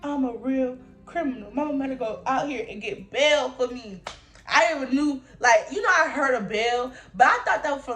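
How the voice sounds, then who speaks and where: A young woman telling a storytime vlog in casual slang, acting out voices with big jumps in pitch. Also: moderate pace, faint music behind. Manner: animated storytelling, acting out her own and others' lines with big pitch jumps. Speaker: vlogger.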